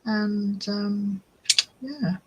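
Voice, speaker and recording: A woman's voice: mid-range voice, extremely slow, highs cut off, heavy background noise. A woman hosting a casual livestream chat for her craft channel, homely and chatty. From United Kingdom. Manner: chatty and homely, talks fondly to her cat.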